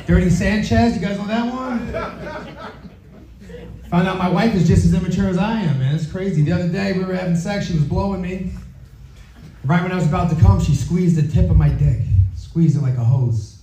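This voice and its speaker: A man's voice: high-pitched, fairly quick. A man from Philadelphia doing a crude stand-up routine in a comedy club, often asking the audience if they follow him. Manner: brash, crude, checks in with the audience. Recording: echoey club recording, distant mic, loud audience laughter. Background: audience laughing.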